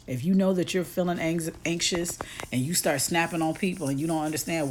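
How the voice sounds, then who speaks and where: A woman's voice: fairly low pitch, normal speed, a little hiss or hum. A woman life coach giving a motivational livestream talk from her phone. She speaks conversationally but with a preachy edge and talks straight to her listeners. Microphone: phone on a live stream.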